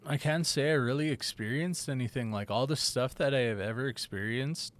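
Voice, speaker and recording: A man co-hosting a casual podcast, telling his own eerie experiences in a relaxed, rambling way with casual swearing. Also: mid-range voice, brisk. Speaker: podcast co-host. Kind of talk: casual storytelling chat.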